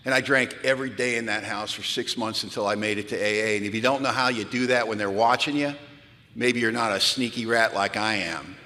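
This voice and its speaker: In this live talk, captured with hall reverb in a big venue, an American man in recovery tells the story of his past with candor, drama and self-mockery. His voice sits on the low side and comes across slightly fast, pushed and bright.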